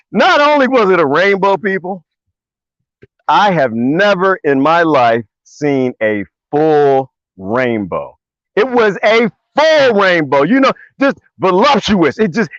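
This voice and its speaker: Animated rambling man ranting. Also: dry recording, muffled recording. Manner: animated, rambling, folksy, swings to high excited pitch. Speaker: vlogger. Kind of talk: casual rant to viewers. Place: outdoors in the desert.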